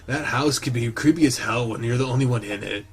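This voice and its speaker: A man's voice: medium pitch, a little fast, slightly rough. A man voicing a lazy, crude, joking young male goat character.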